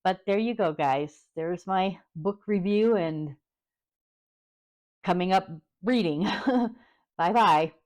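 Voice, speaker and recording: A woman vlogger talking candidly and hesitantly, pausing often and close to tears. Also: fairly low pitch, darkish tone. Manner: halting and hesitant, many pauses; openly vulnerable, close to tears. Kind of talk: candid personal vlog.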